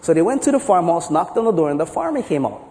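In a large hall, a pastor with a slightly high voice preaches at a quick pace. His sermon is lively and playful, full of jokes and storytelling.

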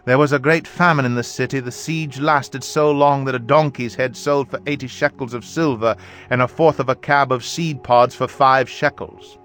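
A man reading scripture aloud in a measured, even voice. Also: medium pitch. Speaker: Bible reader. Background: faint background music.

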